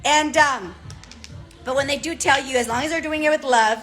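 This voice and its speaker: A woman coach giving a direct, animated motivational talk, often checking in with "okay?". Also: high-pitched, normal speed, faint music behind, poor audio. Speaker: business coach.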